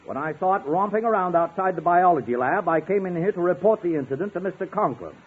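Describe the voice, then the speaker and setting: A man's voice: high-pitched, lively intonation, fast talker, breathy edge. An actor playing a stern, pompous man school official in a 1950s radio comedy. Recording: tinny old radio broadcast with faint hiss.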